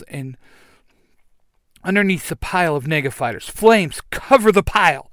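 A man narrating an action adventure story in a lively, animated reading. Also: fairly high pitch, normal speed, long pauses, dry recording, clean studio sound.

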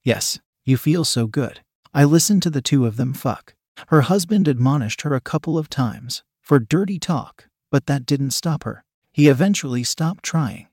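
A man telling a first-person story in a calm, even storytelling voice. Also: fairly high pitch, normal speed, breathy edge, dry recording, studio quality. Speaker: narrator.

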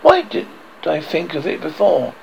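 A man's voice: on the high side, huge pitch swings, moderate pace, gravelly, a little mellow, muffled recording, a little hiss or hum, exaggerated voice. A man voicing a grieving old wife, pleading feverishly and frantically.

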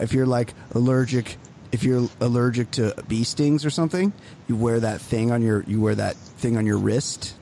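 A man co-hosting a comedy podcast, telling stories in an animated, profane way and laughing as he goes. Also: mid-range voice, slight background noise. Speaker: podcast co-host. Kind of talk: casual comedic chat.

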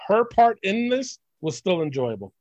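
A man's voice: high voice, moderate pace, no room sound, highs cut off. A man from Puerto Rico co-hosting a wrestling podcast, ranting bluntly and swearing freely in casual chat. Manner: blunt, profane, animated rants. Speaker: podcast co-host.

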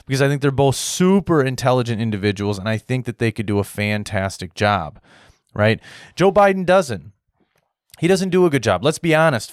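A man's voice: medium pitch, no room sound, studio quality. An American man hosting a podcast, ranting casually with lots of repetition and tag questions. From United States. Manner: repetitive, keeps asking "right?"; restless, frequent restarts. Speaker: podcast host. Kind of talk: casual political rant.

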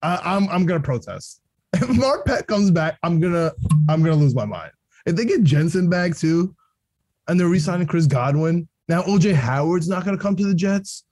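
A young man chatting on a sports podcast in a mellow, low-key timbre. He rambles excitedly, restarts his sentences and laughs a lot. The sound is close and dry. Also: moderate pace, no room sound. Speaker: podcast co-host. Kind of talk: casual sports podcast chat.

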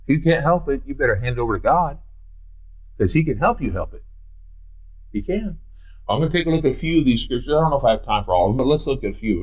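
A man's voice: mid-range voice, sing-song, fast talker, low-quality recording. A middle-aged man with a Midwestern American accent preaching a sermon from a church pulpit, with big swings in delivery. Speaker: pastor. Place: church sanctuary.

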